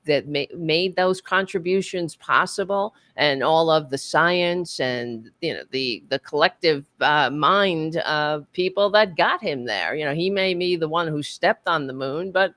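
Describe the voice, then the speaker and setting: A woman's voice: sits low, a little slow, hardly any pauses, a bit bright, no room sound. A woman co-hosting a political talk podcast, speaking in an impassioned, profane, rambling way with many fillers. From United States. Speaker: podcast co-host.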